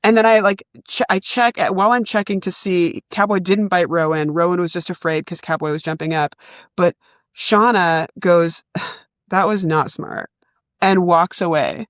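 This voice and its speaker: A woman co-hosting a comedy podcast, telling a story in animated, casual chat and laughing often. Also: on the low side, a little fast, dry recording, clean studio sound. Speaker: podcast co-host.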